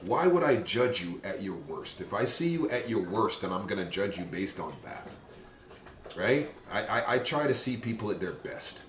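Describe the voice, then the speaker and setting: On a casual talk show, a man with a lowish voice and lively intonation speaks sincerely about raising his big family. He's halting, often breaking off to restart sentences, and the sound is roomy and distant with a little noise.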